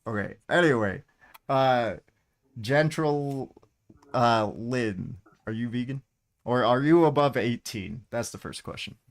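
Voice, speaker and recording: Mid-pitched male host, unhurried delivery, casual and teasing. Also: animated. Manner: laid-back, laughs often, teasing. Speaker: live stream host. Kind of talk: casual live-stream chat.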